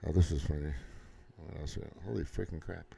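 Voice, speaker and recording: A man's voice: extremely low pitch, fairly even intonation, quick pace, gravelly, mellow, a little hiss or hum. A middle-aged man ranting in casual commentary, sarcastic and swearing constantly. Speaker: commentary host.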